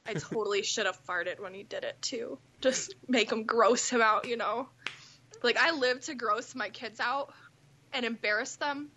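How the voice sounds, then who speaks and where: A woman in her thirties telling stories in casual chat, animated and swearing freely with big laughs, on muffled audio. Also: a little high, moderate pace.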